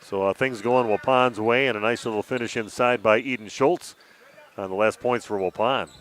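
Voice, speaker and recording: A man calling high school basketball play-by-play on local radio, brisk and steady with the odd "uh". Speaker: play-by-play announcer. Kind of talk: live basketball commentary.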